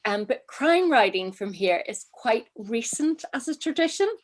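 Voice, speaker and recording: A woman speaking as a guest on an online panel over a video call, relaxed with ums. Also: a little high, measured pace. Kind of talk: casual panel talk.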